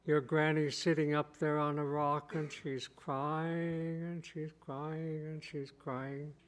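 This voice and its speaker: A man's voice: on the high side, flat delivery, clean tone, lightly acted. A man voicing a stern old grandfather who lives under the water, in a spoken folk tale. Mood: measured. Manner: stern, unhurried.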